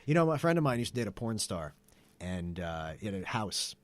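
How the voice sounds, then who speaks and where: A man's voice: fairly low pitch, big pitch swings, normal speed, no room sound. A man on a podcast, chatting casually and insisting on his point, telling stories with emphasis. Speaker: podcast host. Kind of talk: casual chat.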